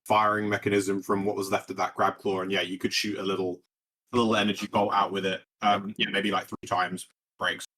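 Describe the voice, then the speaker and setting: A man's voice: deep voice, level tone, brisk, pushed and bright. A man running a tabletop game as game master, rambling and laid-back with many fillers.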